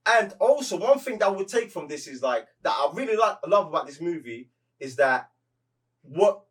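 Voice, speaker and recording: A man talks through a film in loose, slangy chat, stumbling over his words. His voice sits fairly high. He is picked up from some distance from the mic. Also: sing-song, normal speed. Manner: slangy, hesitant, repeats words. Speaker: movie reviewer. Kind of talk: casual chat.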